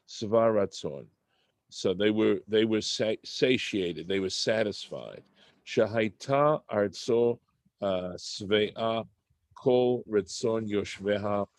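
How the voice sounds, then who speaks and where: Slow, low-voiced man teaching Torah text. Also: dry recording. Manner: halting, thinking aloud, many restarts; reads Hebrew text, then translates into English. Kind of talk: unscripted Torah study class.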